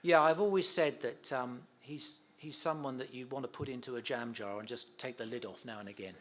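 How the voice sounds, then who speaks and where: A man's voice: medium pitch, a little fast, fairly bright tone. A middle-aged man being interviewed about his late father, telling anecdotes in a chatty way, laughing often and acting out the quotes. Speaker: interviewee, son of a comedian.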